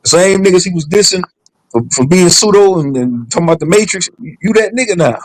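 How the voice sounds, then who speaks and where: A man's voice: high voice, animated, dry recording, poor audio. A man chatting casually on a livestream, telling stories in a joking, profane way. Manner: fast, joking, profane storytelling.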